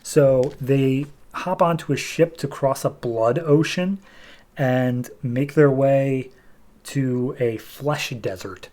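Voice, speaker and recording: A man's voice: mid-range voice, slow, a little mellow. A young adult man with a mid-range voice recaps a comic on his podcast. He speaks loosely and casually, with frequent fillers and restarts. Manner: loose, filler-heavy, acts out dialogue. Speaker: podcast host.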